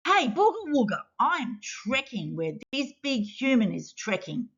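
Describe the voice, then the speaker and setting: A curious little snot creature marvels at what it sees, as a woman plays it, with a lively, rising and falling pitch. It is a storybook voice in a dull, lo-fi recording. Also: unhurried, exaggerated voice. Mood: wondering. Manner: excited, wondering storybook voice. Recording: dull lo-fi sound.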